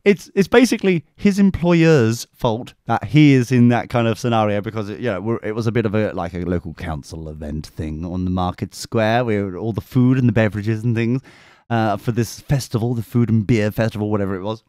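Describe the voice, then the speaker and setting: A man's voice: lowish voice, a little fast, dry recording, clean studio sound. A man co-hosting a podcast, telling a rowdy story in casual chat and acting out quotes in camp voices. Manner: animated, sweary, acts out quotes in camp voices. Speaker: podcast co-host.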